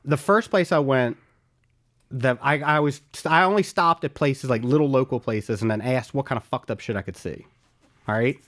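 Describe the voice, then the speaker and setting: A man's voice: medium pitch, moderate pace, a bit bright. A man talking as a podcast guest, blunt and swearing constantly as he tells his stories. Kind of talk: casual chat.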